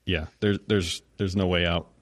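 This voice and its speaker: A man with a low voice talks through a casual podcast discussion. He hedges with many ums and likes, and drops wry asides. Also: steady tone, normal speed. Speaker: podcast co-host.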